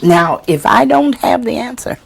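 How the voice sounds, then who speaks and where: A woman storyteller teaching a workshop and answering audience questions, expressive and deliberate, acting out the voices she quotes. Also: on the high side, gravelly, background noise. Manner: slow, deliberate delivery with chuckles.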